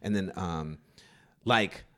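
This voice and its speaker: A man on a podcast telling school stories in casual chat, animated and loose, full of fillers and swearing. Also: slow. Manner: animated, acts out quotes in a high voice; profane, filler-heavy. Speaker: podcast co-host.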